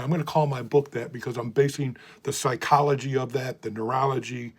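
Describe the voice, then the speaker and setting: An older man teaching a blues guitar lesson, telling earnest, heartfelt stories and often letting his voice fall soft at the ends of phrases. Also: mid-range voice, fairly even intonation, brisk, few pauses. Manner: earnest, heartfelt storytelling, trailing off softly. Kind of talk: talking guitar lesson to camera.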